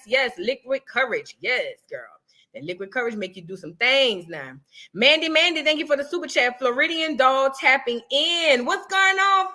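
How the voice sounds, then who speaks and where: This woman's voice is fairly high with a sharp tone as she hosts a casual livestream. Chatty and full of sass, she reads super chats, thanks viewers and calls them "girl" and "boo."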